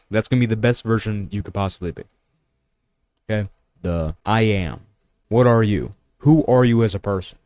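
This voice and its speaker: Young man, low pitch, dry close sound, preachy self-help vlogger who is blunt and provocative. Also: a little mellow, no echo. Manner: blunt, preachy, fires rhetorical questions; crude, provocative asides. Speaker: vlogger giving money and mindset advice. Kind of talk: casual talking-head monologue.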